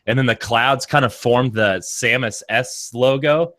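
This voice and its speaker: A man co-hosting a live watch stream, chatting excitably about video game announcements and rambling with lots of fillers. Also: medium pitch, normal speed, few pauses. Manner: excitable, gushing, rambling with many "like"s. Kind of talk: casual gaming chat.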